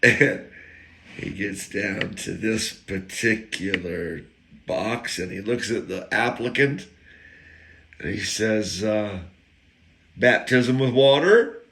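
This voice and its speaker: A man's voice: on the low side, slow pace. A man, a podcast host, telling a casual comic story and acting out the people in it. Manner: animated, acts out quoted people, jokes about word sounds.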